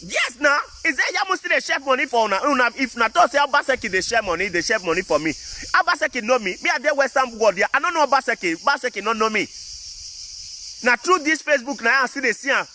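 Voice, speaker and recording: High, bright-voiced Nigerian man ranting. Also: lively intonation, fast talker. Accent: Nigerian Pidgin English. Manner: emphatic, repetitive, preachy. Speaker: vlogger. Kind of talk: casual political rant to viewers.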